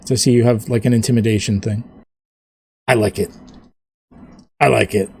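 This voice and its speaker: A man's voice: fairly low pitch, fairly even intonation, moderate pace, creaky, a little mellow, breathy edge, dry recording, studio quality. A man narrating as game master in a loose, rambling way, full of fillers.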